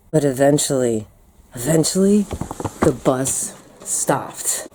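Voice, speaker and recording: A woman's voice: mid-range voice, warm tone. An American woman telling a personal story in a casual storytime vlog, acting out her own quotes. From United States. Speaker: storyteller vlogger.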